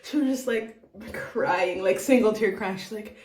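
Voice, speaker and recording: A young woman chatting casually as a vlogger, full of fillers and quick laughs. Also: mid-range voice, darkish tone. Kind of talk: casual chat about a reality show. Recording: echoey room.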